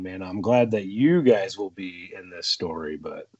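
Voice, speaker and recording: A man co-hosting a podcast in relaxed casual chat, easygoing and reacting to the others. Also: low voice, a little slow, breathy edge, lo-fi sound. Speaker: podcast co-host.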